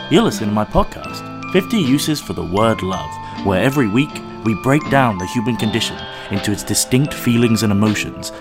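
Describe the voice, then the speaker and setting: A man from Oxford who hosts a podcast, speaking English with a slight American twang in a playful, cheeky, easily amused way. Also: medium pitch. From England. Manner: playful, cheeky, quick to laugh. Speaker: podcast host. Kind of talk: casual podcast chat.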